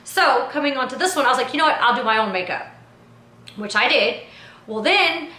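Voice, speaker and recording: Bright-voiced indignant woman, echoey room. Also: high voice, a little fast. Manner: animated and indignant, slangy with frequent "yo" and "like". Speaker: reality TV personality and producer. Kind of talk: casual storytime recap to camera.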